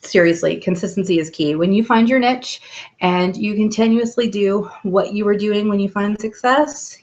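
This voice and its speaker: A woman's voice: mid-range voice, a little mellow, dull audio. A woman hosting a weekly live video hangout from home at night, chatting in an upbeat way with many ums. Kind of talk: casual live webcam talk. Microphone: laptop webcam mic.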